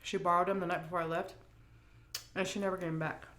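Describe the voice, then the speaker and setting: A middle-aged woman talks to her viewers between bites, chatty and animated, slipping in plenty of fillers. Her voice sits a little low for a woman. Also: fast talker. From United States. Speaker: food vlogger. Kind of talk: casual storytelling and Q&A.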